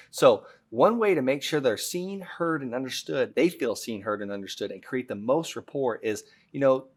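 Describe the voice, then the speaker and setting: Energetic man teaching negotiation. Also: mid-range voice, husky. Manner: energetic, emphatic teaching with role-played seller dialogue. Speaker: real estate coach. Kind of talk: instructional talk to camera.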